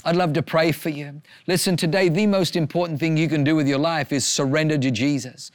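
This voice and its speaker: A man's voice: on the high side, steady tone, fairly quick, no room sound, studio quality. A man preaching an earnest sermon as a pastor, driving home a repeated refrain with emphasis.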